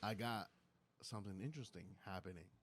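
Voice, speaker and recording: A man's voice: fairly low pitch, a little fast, fairly bright tone. A young man co-hosting a comedy podcast, telling a story in a laid-back way with casual restarts.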